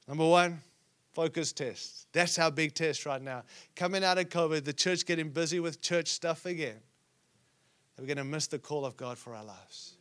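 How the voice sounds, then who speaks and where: Man, high-pitched voice, preaching, conference sermon, hushes for emphasis. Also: moderate pace. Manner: preaching with sudden drops to a hushed voice; acts out quoted speech from scripture stories. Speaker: conference speaker. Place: conference hall.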